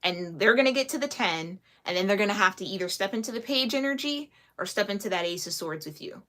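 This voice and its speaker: A woman's voice: mid-range voice, animated, quick pace, sharp tone. A woman giving a casual, chatty tarot reading, slangy and laughing often. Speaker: tarot reader.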